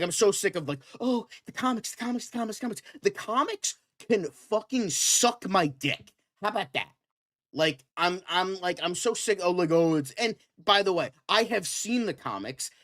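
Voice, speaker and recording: A man's voice: a little high, fairly bright tone. A man co-hosting a fan talk show, ranting heatedly and swearing constantly. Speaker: co-host. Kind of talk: profane ranting chat.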